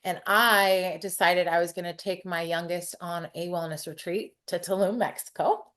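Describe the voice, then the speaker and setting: A woman's voice: on the low side, steady tone, normal speed, fairly bright tone. Candid, chatty woman in her forties. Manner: frank and chatty, casual swearing. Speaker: interview guest, hairstylist. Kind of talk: candid personal storytelling.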